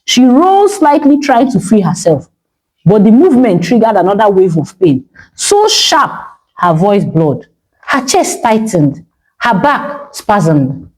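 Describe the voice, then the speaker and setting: A woman's voice: medium pitch, very animated, takes it slowly, darkish tone, rough recording. A woman narrating a dramatic story with emotive delivery.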